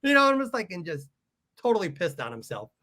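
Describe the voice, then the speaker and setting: A man's voice: high-pitched, wildly swooping pitch, quick pace, pushed and bright. A man from Southern California telling a story casually as a podcast guest, swearing freely, laughing at his own anecdotes and acting out other people's lines. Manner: profane, acts out quotes in character voices.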